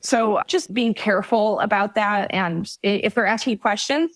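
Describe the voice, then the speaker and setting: Female podcast guest, mid pitch, dry close sound, direct and emphatic advice-giver. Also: normal speed, a bit bright, no room sound. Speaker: guest, travel guide author. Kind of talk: casual conversational interview.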